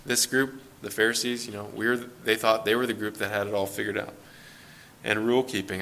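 A man's voice: fairly low pitch, little pitch movement, fairly quick, bright, forceful tone, a little hiss or hum. A man preaching an earnest sermon, explaining scripture and acting out quoted voices with rising emphasis.

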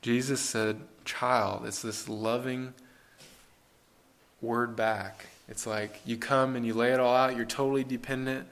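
A man preaches in an easygoing but earnest manner, asking his listeners questions and circling back to rephrase his points. His voice sits at an ordinary middle pitch for a man. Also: flat delivery, a little slow. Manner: earnest, conversational, with restarts and rhetorical questions. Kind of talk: sermon.

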